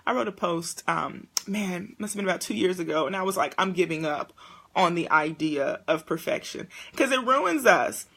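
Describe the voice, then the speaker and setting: A young woman hosting a casual live-stream talk, animated and speaking straight to her viewers. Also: fairly low pitch, normal speed, creaky, breathy edge. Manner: animated, talks to viewers as "y'all" and "honey". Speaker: host.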